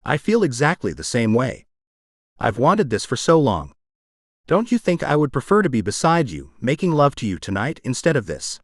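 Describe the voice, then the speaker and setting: Audiobook figure: a man playing a gentle, protective grown man, soothing and steady, lively pitch, dry booth sound. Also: moderate pace, no echo. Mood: apologetic. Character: earnest grown man, calm protective lover.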